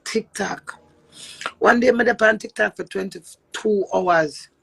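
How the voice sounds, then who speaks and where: A woman's voice: medium pitch, a little slow, gravelly, slightly rough, no echo. A middle-aged Jamaican woman chatting casually on a live stream, telling stories and laughing often. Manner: animated storytelling with frequent laughs.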